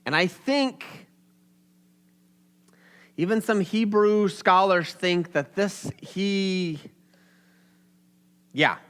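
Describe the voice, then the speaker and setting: A young pastor delivers his sermon with an unusually high-pitched voice. He preaches in a casual, animated way, as if talking with the congregation. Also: extremely slow, long pauses, clear, resonant tone.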